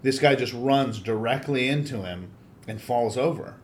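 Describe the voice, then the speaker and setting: A man's voice: medium pitch, moderate pace, slight background noise. A man who coaches sword fighting, a guest telling swear-laden stories in a casual podcast conversation. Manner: profane, animated storyteller.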